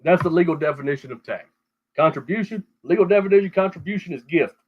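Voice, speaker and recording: Talking fast with a breathy edge in a voice on the high side, the show host delivers a crude, rambling rant packed with swearing. It comes over call audio and sounds muffled.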